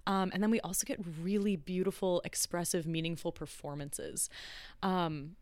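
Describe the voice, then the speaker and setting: A woman's voice: fairly low pitch, normal speed, darkish tone, clear, resonant tone, no echo. A woman guest talking eagerly and casually about her arts project, with lots of fillers. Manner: enthusiastic, chatty, many fillers. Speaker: guest, arts organization leader. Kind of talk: casual podcast conversation. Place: Chicago.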